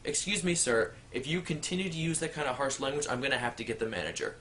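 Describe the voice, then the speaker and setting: Man playing a prim polite bank teller, hushed, stiff, soft voice. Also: mid-range voice, animated, fast talker, slight background noise.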